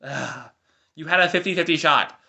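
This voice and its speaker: A man's voice: fairly high pitch, normal speed, gravelly, bright, forceful tone. A man in his twenties with an American accent, giving a rambling, chatty life update with self-deprecating asides. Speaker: vlogger. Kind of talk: casual diary-style life update.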